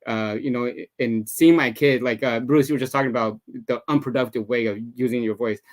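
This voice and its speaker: A father in a men's discussion circle speaking earnestly and emotionally, halting often and restarting his sentences. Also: mid-range voice, fairly even intonation. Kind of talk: casual group discussion.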